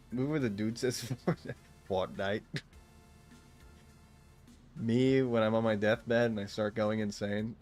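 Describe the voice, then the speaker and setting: A man's voice: on the low side, darkish tone. A young man casually commenting while he plays a video game, rambling and joking with frequent laughs. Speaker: gaming streamer.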